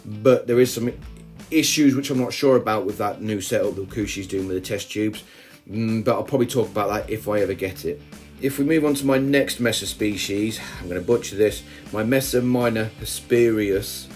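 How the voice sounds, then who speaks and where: A man's voice: on the low side, fairly quick, darkish tone, soft background music. A man narrating a casual hobby vlog, chatty and self-deprecating, wandering off into asides as he talks. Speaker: ant-keeping hobby vlogger.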